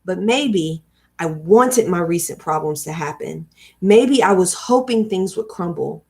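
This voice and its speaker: A woman putting on a middle-aged divorced man, beaten down yet content, earnest, slightly low voice, put-on accent, read aloud from a book. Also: lively intonation, unhurried, creaky, a little mellow. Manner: tells his story earnestly, with a put-on accent.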